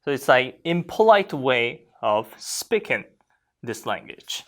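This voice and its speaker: A Korean language teacher explaining grammar to learners, modeling phrases slowly so students can repeat them and checking in with frequent questions. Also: medium pitch. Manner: lively, questioning classroom delivery.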